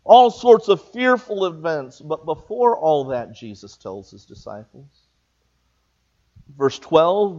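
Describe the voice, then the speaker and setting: A man's voice: fairly high pitch, animated, slow, a little mellow, highs cut off. A man preaching a sermon, retelling a scripture story in an earnest, storytelling way with emphatic rises. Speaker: pastor.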